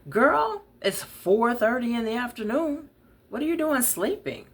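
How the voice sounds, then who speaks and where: A woman voicing a loud, blunt woman friend who scolds in a high, brassy voice. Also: normal speed. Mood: teasing.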